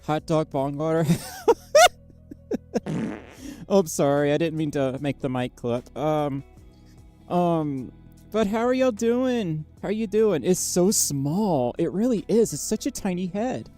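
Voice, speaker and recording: Tired streamer chatting low and soft, mic jammed close inside a costume head, mellow, lots of ums. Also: lively intonation, soft background music. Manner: quiet, low-energy, halting with many fillers. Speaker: livestreamer. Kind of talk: casual livestream chat with viewers. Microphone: microphone very close to the mouth inside a costume head.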